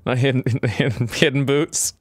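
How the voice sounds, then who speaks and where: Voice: medium pitch, steady tone, moderate pace, dry recording. A co-host chatting casually during a game video, joking crudely. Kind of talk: casual let's-play chat.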